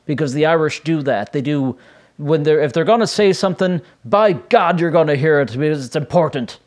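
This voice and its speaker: A chatty man hosts his podcast alone from a room at home, his voice sitting a little high for a man. He rambles along in a loose, casual way, often stopping to restart a thought. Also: brisk, a little mellow. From United States. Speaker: podcast host. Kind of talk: casual solo podcast chat.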